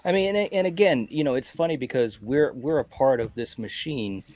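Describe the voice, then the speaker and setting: A man co-hosting a casual livestream chat, talking in an animated way with stammering restarts. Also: medium pitch, moderate pace, dry recording. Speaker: livestream co-host.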